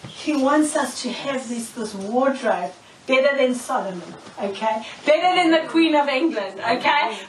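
High-voiced woman preaching. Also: a little slow, slight background noise. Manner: animated storytelling, laughs often, checks in with "okay?". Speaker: preacher, prophetess. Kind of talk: sermon. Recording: echoey room, mic far off.

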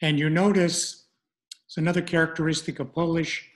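A middle-aged man presenting an online language lesson, speaking haltingly with many fillers and restarts. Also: a little high, flat delivery.

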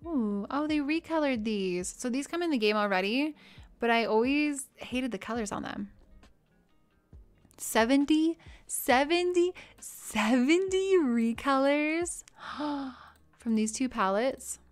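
Young woman streamer chatting w her viewers, kinda high voice, bubbly and gushy. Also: moderate pace, clean tone, faint music behind. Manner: bubbly, gushing, easily excited. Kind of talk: casual live-stream chat.

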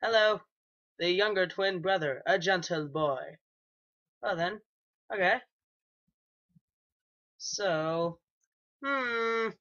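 A man's voice: high-pitched, extremely slow, long pauses, bright, forceful tone. A young man, maybe a teenager, doing casual let's play commentary, hesitant and rambling with lots of ums and restarts. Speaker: gaming YouTuber. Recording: dull lo-fi home mic.

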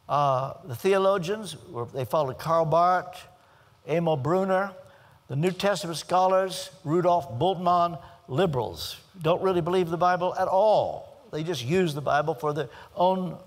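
An older man from the United States teaching a recorded theology lecture, speaking with a slow, emphatic preaching cadence and dramatic pauses. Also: on the high side, long reverb tail.

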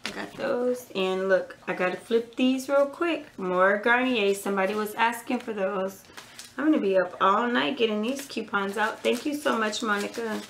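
A young woman chatting casually as she opens mail from viewers, gushing and rattling off quick asides. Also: medium pitch, vocal fry, fairly bright tone, slight background noise, rough recording. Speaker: couponing vlogger. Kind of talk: casual mail-opening chat.

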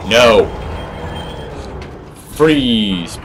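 A man commentating while playing a horror game, sarcastic and taunting enemies, breaking into sudden shouts. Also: on the low side, animated, slow, long pauses, music in the background. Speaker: gameplay commentator. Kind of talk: let's play commentary. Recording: game sounds clearly behind the voice. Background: game audio.

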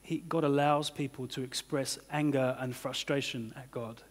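In a reverberant church hall, a male pastor preaches at normal speed with a medium-pitched voice and fairly even intonation. His sermon has a relaxed, chatty feel, full of "you know" and "kind of."

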